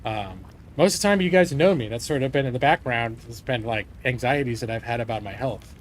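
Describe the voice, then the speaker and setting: A man's voice: medium pitch, brisk, a little hiss or hum. A man in his forties chatting casually on a live stream, rambling and candid, swearing freely and joking at his own expense. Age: 40s.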